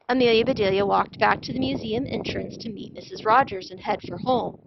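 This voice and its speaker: A woman narrating a children's storybook read-aloud in a clear, even storytelling manner. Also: medium pitch, a little fast, hardly any pauses, dull audio, background noise.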